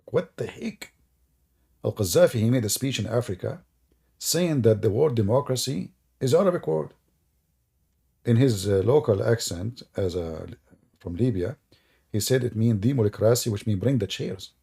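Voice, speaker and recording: Male stream host, gravelly and dark-toned, sarcastic and mocking, loose grammar. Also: medium pitch, expressive, normal speed. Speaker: livestream host taking callers. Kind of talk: mocking religious-debate livestream.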